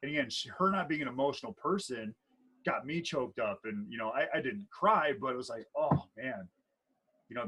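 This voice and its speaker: A man in his thirties speaks at medium pitch with a fairly bright yet husky voice, recorded with poor audio quality. Co-hosting a casual podcast, this wedding DJ and MC rambles playfully through his stories and keeps restarting.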